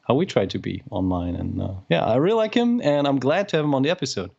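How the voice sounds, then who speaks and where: Laid-back podcast co-host guy, mid pitch, goes along with everything. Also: very animated, fast talker, creaky, a little mellow, muffled recording. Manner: easygoing, agreeable. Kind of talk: casual chat. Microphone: studio podcast mic.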